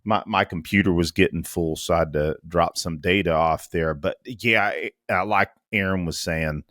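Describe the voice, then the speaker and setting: A man co-hosting a podcast who chats casually in an easygoing, agreeable, slightly halting way. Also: sits low, fairly bright tone, dry recording, studio quality. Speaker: podcast co-host. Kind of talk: casual chat.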